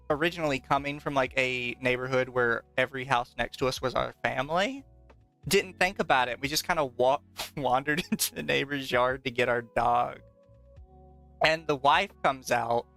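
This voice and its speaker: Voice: mid-range voice, normal speed, bright, forceful tone, soft background music. A podcast host chatting casually with a livestream audience, rambling through stories with plenty of laughter and casual swearing.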